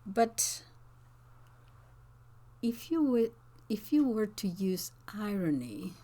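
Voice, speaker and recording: A woman teacher answering viewers' comments in an unscripted talk, slow and thoughtful, with frequent hesitations and restarts. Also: mid-range voice, sing-song, mellow. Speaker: language teacher and channel host.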